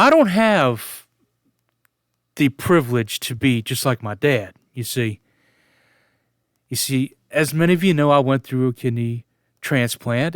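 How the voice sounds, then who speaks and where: A man's voice: mid-range voice, fairly bright tone, clear, resonant tone, no echo, studio quality. A man in his forties telling a funny family story as a casual vlogger, chuckling and fighting back laughter. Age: 40s.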